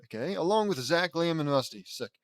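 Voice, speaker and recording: A man's voice: fairly high pitch, lively intonation, fairly quick, dry recording. A man reading his own fan fiction aloud in a casual way, stumbling and slipping in wry asides. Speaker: reader.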